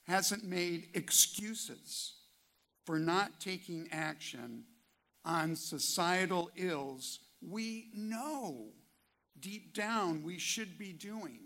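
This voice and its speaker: A man preaching a sermon, asking rhetorical questions and reading scripture with slow, deliberate emphasis. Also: on the high side, creaky, fairly bright tone. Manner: reads scripture quotes aloud.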